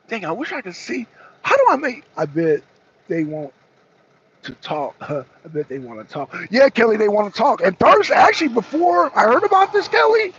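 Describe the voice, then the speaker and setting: In casual live-stream commentary, a man running a political talk stream greets viewers by name, curses frequently, and keeps things lively. He has a high, somewhat bright, slightly rough voice, captured with lo-fi sound.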